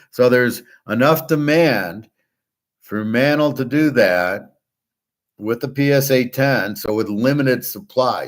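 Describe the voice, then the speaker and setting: A man delivering a blunt, profane monologue about markets, restarting and trailing off often. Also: fairly low pitch. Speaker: sports betting and markets commentator. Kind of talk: ranting monologue.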